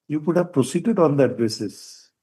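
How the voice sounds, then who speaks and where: Older judge, mellow low-key tone, probing and insistent in court. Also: male voice, expressive, moderate pace, husky. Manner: probing, pointed questions, repeats words while thinking. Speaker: presiding judge. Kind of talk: courtroom hearing.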